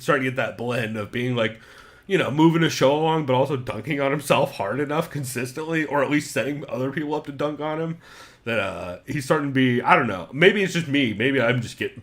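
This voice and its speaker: A man co-hosting a podcast in casual, animated chat, cursing freely and jumping in with questions. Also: medium pitch. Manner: animated, swears freely, quick interjections. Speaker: podcast co-host.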